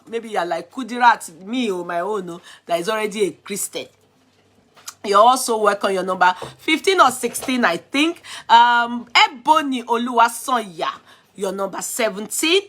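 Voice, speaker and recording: Bright-voiced Nigerian woman vlogger. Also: a little high. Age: middle-aged. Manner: chatty, affectionate, laughing often. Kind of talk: casual live-stream chat.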